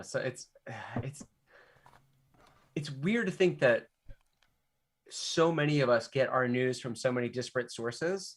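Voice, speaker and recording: A man's voice: mid-range voice, fairly bright tone. Sardonic young man in casual chat. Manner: loose, sardonic, swearing. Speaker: podcast co-host.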